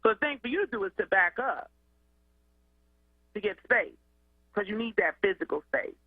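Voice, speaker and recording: A woman educator and student advocate, a guest calling in to a radio show, explaining in an animated, conversational way. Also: medium pitch, moderate pace, no echo. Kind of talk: radio call-in interview. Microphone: phone line. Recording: tinny phone line.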